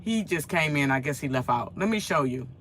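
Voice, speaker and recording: A woman's voice: sits low, brisk, slight background noise. A woman, chatting casually to her viewers from her home kitchen and telling a rambling story with lots of repetition. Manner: animated, rambling storytelling with repeated phrases. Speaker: vlogger.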